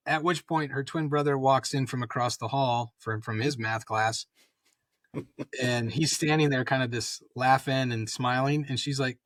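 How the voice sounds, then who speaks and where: A man's voice: medium pitch, brisk, fairly bright tone, dry recording, clean studio sound. A man in his fifties, a retired army colonel, telling rambling anecdotes full of fillers in a casual interview. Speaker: guest, retired Special Forces colonel.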